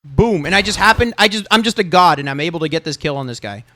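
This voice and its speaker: A man's voice: a little high, lively intonation, fast, bright, forceful tone, slight background noise. A man reviewing his own gameplay as a lesson, emphatic and repetitive, swearing and saying "bro" often. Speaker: gamer coaching through his own gameplay.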